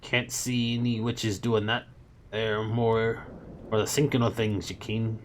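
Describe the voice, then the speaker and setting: A cantankerous older Scottish witchfinder growls through his lines in a heavy brogue, voiced by a male storyteller. He sounds scornful and suspicious of everyone. The low voice sits over a faint hiss. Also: little pitch movement, measured pace, lightly acted. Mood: gruff. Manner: growling, dismissive, thick put-on Scottish brogue. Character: gruff older Scottish witchfinder man, bigoted.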